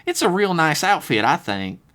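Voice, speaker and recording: Cult sister, put on by a man: high and lilting, folksy drawl, sweetly unsettling, lively swoops in pitch. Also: normal speed. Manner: folksy drawl, sweet-talking, says darling and ain't. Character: flirty cult-member woman, twin sister, drawling.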